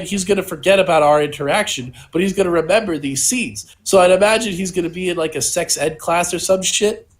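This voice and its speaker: A young man co-hosting a casual podcast, telling a long absurd story in a rambling way full of "like" and "you know". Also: sits high. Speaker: podcast co-host and stand-up comedian.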